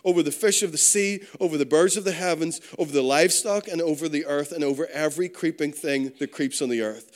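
A man with a slightly higher voice preaches a sermon in a church hall. He talks to the congregation in an easy, chatty way, and his voice sinks low and soft on the lines he wants to land. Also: fast talker, few pauses. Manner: conversational preaching, voice drops low and quiet on key lines. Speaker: pastor.

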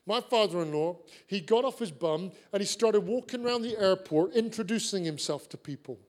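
High-voiced male preacher telling a story. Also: fairly quick. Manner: earnest, animated storyteller with repeated phrases. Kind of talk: sermon with storytelling.

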